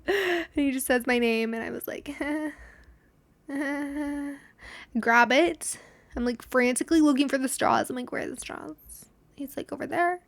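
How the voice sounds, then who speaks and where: Telling a story casually on her own podcast, this young host is chatty and self-deprecating, voicing the people's lines as she goes. Her voice is slightly high and gravelly.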